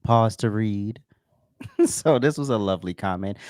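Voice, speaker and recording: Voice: medium pitch, unhurried, a little mellow, dry recording, clean studio sound. A podcast host chatting and reading listener comments, hesitant with many fillers and frequent laughter.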